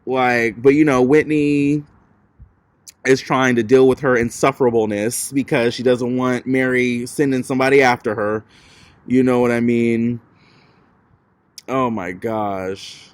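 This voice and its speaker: A man's voice: medium pitch, steady tone, moderate pace, no echo. A man giving a chatty, sassy recap of a reality TV episode, with lots of casual filler words. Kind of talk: casual gossipy commentary.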